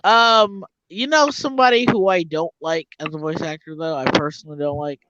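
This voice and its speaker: A man's voice: on the high side, fairly even intonation, fairly quick, a bit bright, smooth, no echo. Casual co-host, male, rambly talker with lots of restarts, lo-fi dry recording. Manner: rambling, many restarts and fillers. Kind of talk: casual chat. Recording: dull lo-fi dry mic.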